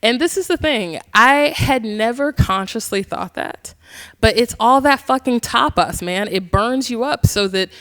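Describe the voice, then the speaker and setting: A young woman and yoga teacher telling a candid personal story to an audience, animated and casual, with frequent swearing and "like". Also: on the high side, measured pace.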